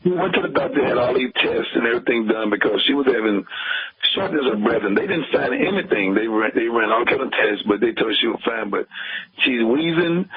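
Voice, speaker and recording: A man calling in to a radio show, explaining earnestly and haltingly with fillers. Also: mid-range voice, expressive, crowd noise. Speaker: caller. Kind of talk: phone-in call to a radio show. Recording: tinny phone line on radio.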